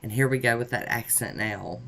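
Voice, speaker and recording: A woman vlogger chatting upbeat and warm-heartedly as she talks viewers through each step of her nail art. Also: rumbling low, moderate pace, creaky. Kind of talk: casual tutorial narration.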